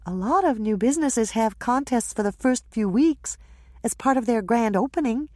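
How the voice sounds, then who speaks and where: A woman's voice: on the high side, animated, moderate pace, dark tone, dry recording, studio quality, voice pushed up, lightly acted. A woman voicing an earnest young woman bakery assistant who speaks in a slightly downcast way.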